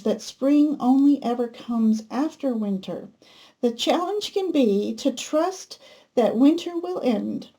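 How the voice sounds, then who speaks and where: A woman giving a pick-a-card tarot reading, talking gently and spiritually with many pauses and fillers. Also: a little high. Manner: gentle, unhurried, spiritual musing with many ums. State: emotional, close to tears at times. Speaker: tarot reader.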